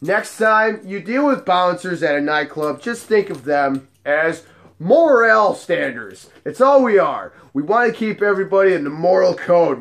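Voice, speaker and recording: Profane, animated storytelling man. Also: high voice. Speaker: nightclub bouncer and storyteller. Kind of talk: casual storytelling vlog.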